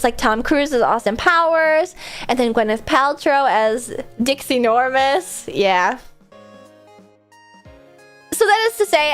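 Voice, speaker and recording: A woman streamer chatting casually with her viewers, giggly and self-mocking, with quick asides. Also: high voice, a bit bright.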